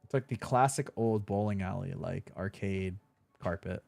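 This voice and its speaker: Low and a little mellow with some vocal fry, this young streamer's voice moves at a normal speed. He talks casually over his gameplay, laughing readily and cursing from time to time.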